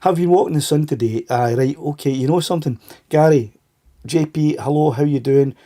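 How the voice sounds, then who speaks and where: A man's voice: a little high, a little fast, warm tone. A middle-aged Scottish man hosting a casual livestream chat, stuffed up with a cold, greeting viewers by name and laughing often. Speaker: livestream host.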